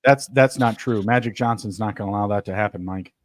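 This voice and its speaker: A man co-hosting a sports betting podcast, brash and excitable, swearing and jumping loud and high as he talks. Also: fast talker, no room sound, clean studio sound. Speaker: podcast co-host. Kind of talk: casual sports betting chat.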